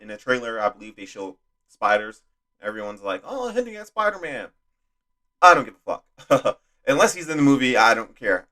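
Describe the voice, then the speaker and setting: A man's voice: lowish voice, sharp tone. A young man giving casual, rambling movie commentary as a video host, with lots of fillers and swearing. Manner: rambling, frequent fillers and profanity.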